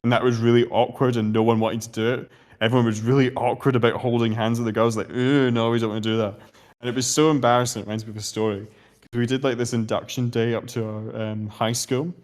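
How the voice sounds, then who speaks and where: A man's voice: mid-range voice, level tone, fast talker. A young Scottish man answering quiz questions, hesitant and given to rambling stories and swearing. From Scotland. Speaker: quiz contestant. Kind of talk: casual podcast chat.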